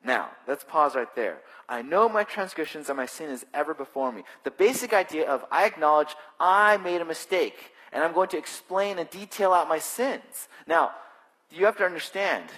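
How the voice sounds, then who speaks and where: A male pastor preaching a sermon in a conversational, animated way with touches of self-deprecating humor, speaking into a stage microphone in a church. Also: on the high side. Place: church sanctuary. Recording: long hall reverb.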